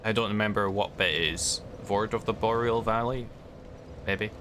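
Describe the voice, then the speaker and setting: Scottish guy streaming a game, bright forceful voice, rambly and chatty, bit of noise behind. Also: fairly low pitch, normal speed. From Scotland. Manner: chatty, rambling, hedging, answers chat. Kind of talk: casual chat while gaming.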